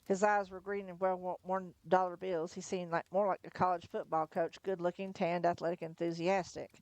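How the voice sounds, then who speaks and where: A woman reading a novel aloud on a livestream in first person, chatty between chapters, her voice going hoarse. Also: fairly low pitch, little pitch movement, moderate pace, darkish tone, no room sound. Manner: chatty, laughs between asides. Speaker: livestream storyteller.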